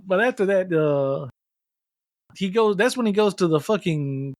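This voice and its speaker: A man's voice: high-pitched, lively intonation, unhurried, dry recording, clean studio sound. A man co-hosting a podcast, casually recapping movie scenes and quoting characters in a laid-back way. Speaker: podcast co-host. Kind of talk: casual movie review chat.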